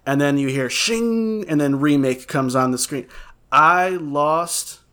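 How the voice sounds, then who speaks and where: A man in casual podcast chat, telling a gaming memory in an animated way and swearing freely. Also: fairly high pitch, slow, clean tone.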